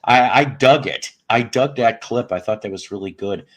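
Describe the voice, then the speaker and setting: A man in his fifties hosts a casual live music stream from home, greeting viewers in chat. His mid-range, slightly bright voice moves at normal speed as he cracks puns, jokes, and profane asides.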